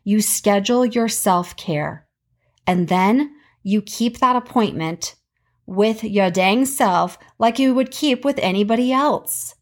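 A woman's voice: medium pitch, slow pace. A middle-aged woman hosts her podcast solo in a chatty monologue. She sounds candid and emphatic, leaning hard on the words she wants to land. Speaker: podcast host.

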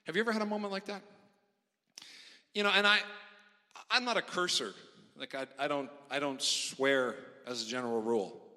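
A middle-aged man preaching a sermon as a pastor, telling stories with big swings in loudness. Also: on the high side, normal speed, long pauses. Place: large church hall. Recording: long hall reverb.

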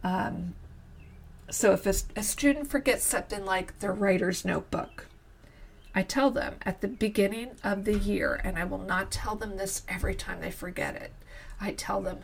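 Woman teacher-podcaster, blunt and conversational, a bit of vocal fry, mid pitch. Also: steady tone, moderate pace. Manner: frank, matter-of-fact, conversational with asides. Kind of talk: solo podcast advice talk.

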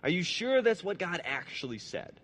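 A man voicing a crafty male serpent who asks drawn-out, mocking questions in a sermon retelling. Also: high voice, very animated, a bit bright, heavily acted. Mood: insinuating. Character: sly tempting male serpent, doubting and insinuating.

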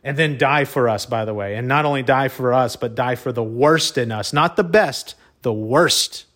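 Excitable man telling a story. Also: mid-range voice, moderate pace. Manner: excitable, repeats and stumbles over words; says "y'all", casual cussing. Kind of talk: casual storytelling monologue.

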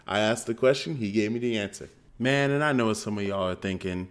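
A man hosting a podcast, telling stories in casual slang with animated delivery and frequent laughs. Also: mid-range voice, fast. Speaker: podcast host.

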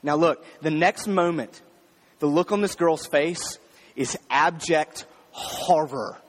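A pastor preaches a sermon in a fairly high, slow voice that carries the sound of a big room. He talks to the congregation conversationally, calling them "y'all."

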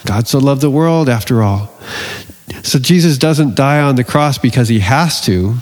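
A man's voice: mid-range voice, expressive, moderate pace, a little mellow, in a large hall. A man preaching a sermon, telling the story with playful jokes. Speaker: pastor.

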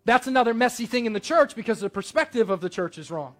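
A man's voice: extremely high pitch, expressive, fast, fairly bright tone, faint music behind. A man preaching a sermon to his church, telling a personal story in a conversational, earnest way. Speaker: pastor.

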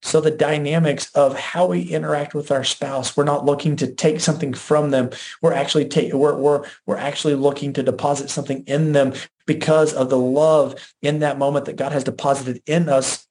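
A man's voice: a little high, level tone, moderate pace, darkish tone, slight background noise. Earnest man teaching with repeated phrases. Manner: repetitive, earnest, restarts phrases. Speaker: podcast host. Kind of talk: faith-based relationship teaching.

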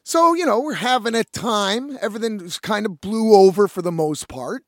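A young musician tells a rambling story, cursing freely and turning to his listeners as folks. His voice sits high and swings widely in pitch, with a gravelly fry at the edges. The sound is close and dry. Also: normal speed, no room sound. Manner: animated, swearing freely, addresses listeners as folks. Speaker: independent musician. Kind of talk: casual profane storytelling.

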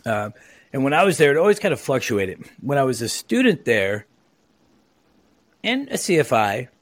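A man hosting a relaxed podcast conversation. He wanders through stories with lots of "uh" and "you know". His voice sits at a middle pitch and is recorded dry and close over a remote call. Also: normal speed, no echo. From Oregon, USA. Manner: chatty, rambling with many fillers. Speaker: podcast host. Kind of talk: casual podcast chat. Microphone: own mic on a remote call.

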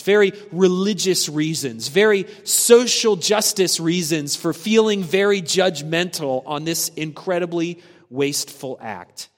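A male preacher delivers a sermon in an unhurried, deliberate way. His voice sits somewhat high and his phrases drop off softly at the ends. The sound rings with the long reverb of a large hall. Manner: earnest, slow and deliberate, falling soft at phrase ends.

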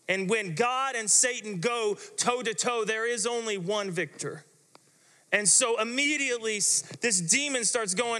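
A man's voice: high voice, pushed and bright, long reverb tail. A man preaching a sermon as pastor, telling the story in a dramatic, vivid way.

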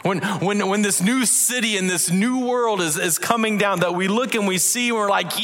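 A man preaching a sermon as pastor, animated, acting out little voices and reading scripture aloud. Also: sits high, moderate pace, hardly any pauses, in a large hall.

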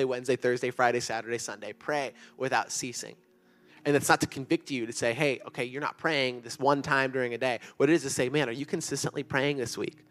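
Addressing a youth group in a church room, a young man preaches in an earnest, conversational style full of fillers. He's the youth pastor, and his mid-range voice sounds a bit bright.

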